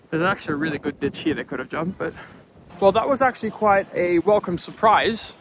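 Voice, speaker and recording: A man chatting excitedly to his camera outdoors on his rural property, full of exclamations. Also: sits high, fairly quick, slight background noise. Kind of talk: casual vlog chat to camera. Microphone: handheld camera.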